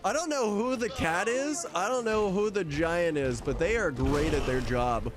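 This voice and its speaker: A man's voice: sits high, moderate pace. A man casually commenting on his gameplay as a streamer, joking, laughing often and swearing now and then. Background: game music.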